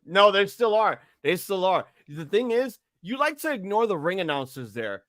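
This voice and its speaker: A man co-hosting a casual wrestling chat show, animated and argumentative, swearing casually. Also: sits high, normal speed, no echo, clean studio sound. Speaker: podcast co-host.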